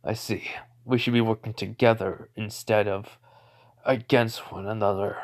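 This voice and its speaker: A man voicing a scheming older male supervillain, speaking in a measured, subdued voice. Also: lowish voice, fairly even intonation. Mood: uneasy.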